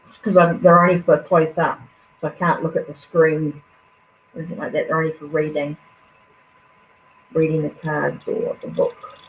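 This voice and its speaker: A woman hosts a live tarot reading and speaks in a low, unhurried voice. She muses aloud, trailing off and restarting often. The stream audio is dull and lo-fi, with a faint hiss underneath. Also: little pitch movement. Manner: musing, hesitant, many fillers and restarts. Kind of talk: live card reading, casual.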